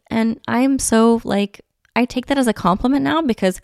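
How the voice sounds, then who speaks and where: Chatty woman with a gravelly fry. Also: a little high, moderate pace, no room sound, studio quality. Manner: chatty and nostalgic, many "like" fillers. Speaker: podcast host. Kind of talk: casual solo podcast monologue.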